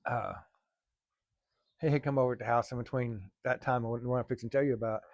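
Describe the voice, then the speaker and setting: Gravelly man rambling easygoing. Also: mid-range voice, steady tone, quick pace, no room sound, studio quality. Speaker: vlogger. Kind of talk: casual storytelling. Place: workplace, early morning.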